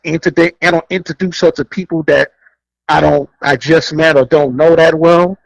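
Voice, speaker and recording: Co-host type: high-pitched New man, animated and blunt, acts out quotes, dry close mic. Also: normal speed, creaky, no echo, rough recording. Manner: blunt, profane, laughs often. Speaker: podcast co-host. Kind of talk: casual chat, storytelling.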